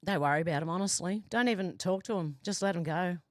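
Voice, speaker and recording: A fast-talking Australian woman with a lower voice reads viewer comments aloud on her casual home livestream, chatty and amused. Though her doors and windows are open, the recording is dry and studio quality.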